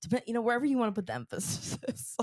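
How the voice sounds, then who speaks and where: A woman co-hosting a podcast, talking in a bubbly, rambling way with plenty of fillers. She is getting over an illness, and her pitch swings widely as she chats. The recording is close and dry. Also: very animated, quick pace, a little mellow, no room sound. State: sick, recovering. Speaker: podcast co-host. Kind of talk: casual chat. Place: Connecticut.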